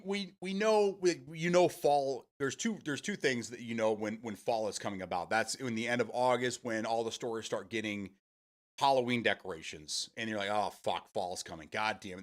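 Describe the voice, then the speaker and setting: A man's voice: medium pitch, a little fast. A man hosting a live stream, chatting casually with viewers, rambling and swearing freely as he answers chat.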